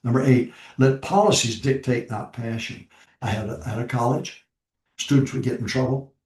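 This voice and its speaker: A man's voice: mid-range voice, normal speed, darkish tone. An older man preaching a folksy ministry talk, repeating his numbered points with rambling asides. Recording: echoey room, distant mic.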